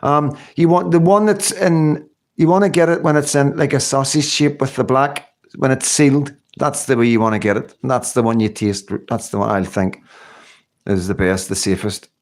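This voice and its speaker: A man's voice: mid-range voice, fairly even intonation, moderate pace. Rambling, chatty man. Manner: rambling, chatty, many fillers and tag questions. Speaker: livestream host. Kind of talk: casual livestream chat reading comments.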